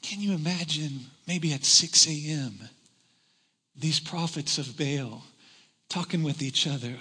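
A man preaching a sermon to a large congregation, retelling a story with dramatic swings between shouting and hushed tones. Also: fairly high pitch, a little slow, slightly rough, long reverb tail. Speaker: pastor. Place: large church hall.

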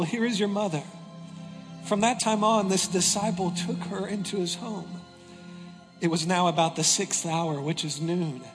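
A man preaching a sermon, reading scripture dramatically and dropping into hushed, intense passages. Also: sits high. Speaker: pastor. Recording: long reverb with music underneath. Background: soft music.

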